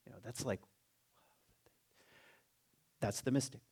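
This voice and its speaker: A man giving a conversational spiritual talk as guest teacher in a church, animated and jokey, reading quotes aloud slowly. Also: on the low side, breathy edge. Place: church sanctuary.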